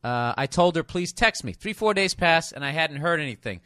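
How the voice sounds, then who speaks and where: A middle-aged man, hosting a comic advice podcast, reading out letters and riffing on them loudly and profanely. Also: fairly high pitch, lively intonation, normal speed, dry recording, clean studio sound. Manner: loud, profane, riffing and mocking. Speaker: podcast host.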